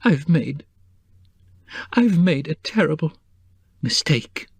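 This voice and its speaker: A man doing a tearful, shaken woman who wails and sobs through every line, her voice pitched well above his own. The recording is dry and close, with no room sound. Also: animated, slow, creaky, slightly rough, dry recording, full character voice. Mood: distraught. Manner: sobbing, wailing. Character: distraught tearful middle-aged woman.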